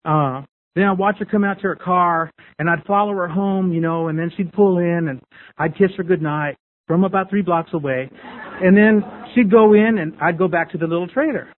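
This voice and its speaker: Guy with a high voice telling his recovery story, sounds tinny like a phone on the radio. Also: moderate pace. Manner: candid, repetitive storytelling. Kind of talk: personal testimony to a group.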